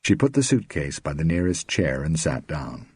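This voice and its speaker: A man narrating an audiobook in a steady, measured way. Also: rumbling low, husky, no room sound. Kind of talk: scripted narration.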